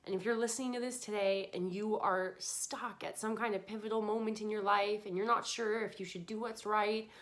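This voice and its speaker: A woman's voice: medium pitch, fairly even intonation, fairly quick, hardly any pauses. A woman hosting a podcast, tearful and earnest, giving a pleading motivational monologue. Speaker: podcast host.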